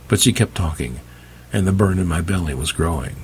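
A man's voice: low-pitched, expressive, a little fast, darkish tone, a little hiss or hum. A man narrating an audiobook in a dry, wry storytelling manner. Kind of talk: scripted narration.

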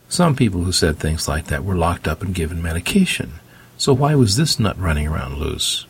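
A man's voice: sits low, very animated, moderate pace, gravelly, slightly rough. A man narrating a first-person audiobook story in a dry, wry way.

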